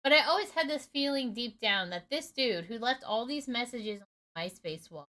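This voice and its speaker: A woman's voice: a little high, expressive, normal speed, bright, forceful tone. A woman in her thirties streaming from home, telling a personal story in a casual, candid way and swearing freely. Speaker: gaming streamer.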